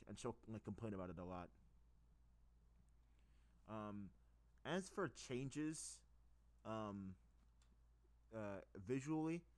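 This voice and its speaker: A young man talking casually at a middle pitch, as if thinking aloud. He hesitates constantly, fills the gaps with ums and uhs, restarts his sentences, and wanders off on tangents. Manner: hesitant, many fillers and restarts, goes off on tangents. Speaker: video creator explaining fan project plans. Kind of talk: casual rambling talk.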